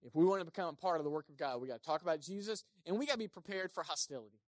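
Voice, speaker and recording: A pastor preaching a sermon, animated, swinging between loud emphasis and quiet asides, and acting out the people quoted. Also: mid-range voice, racing, dry recording, studio quality. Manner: acts out quoted speakers in playful voices.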